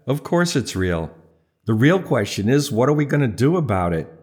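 A man's voice: medium pitch, big pitch swings, moderate pace, darkish tone, lightly acted. A man voicing a pushy young man who insists on rescuing a stranger, wheedling and insistent.

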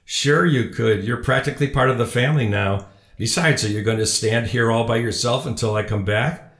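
A man voicing a gentle, eager young man in a storybook reading. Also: medium pitch, moderate pace, echoey room, natural voice. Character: warm, eager young man, the father's son.

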